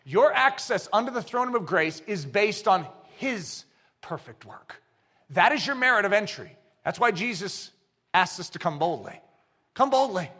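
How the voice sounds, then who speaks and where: A man preaching a sermon, swinging from hushed asides to shouted exclamations and acting out quoted voices. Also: high voice, moderate pace. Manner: animated, shifts between hushed and shouting. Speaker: pastor.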